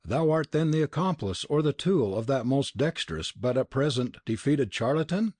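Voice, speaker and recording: A man's voice: mid-range voice, expressive, normal speed, a little mellow, no echo, studio quality, close to an everyday voice. A man voicing an arrogant Italian prince who speaks haughtily, impatiently and with scorn. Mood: scornful. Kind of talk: audiobook character reading.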